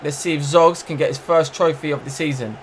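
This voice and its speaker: Excitable young man gaming. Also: a little high, fairly quick. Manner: slangy, swings from muttering to loud shouts at goals. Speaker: gaming YouTuber. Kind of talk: excitable game commentary. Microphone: desk microphone.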